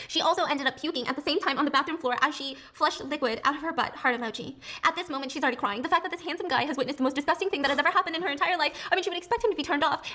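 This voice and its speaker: A woman reading a story aloud with animated, excitable delivery. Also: sits high. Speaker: story narrator.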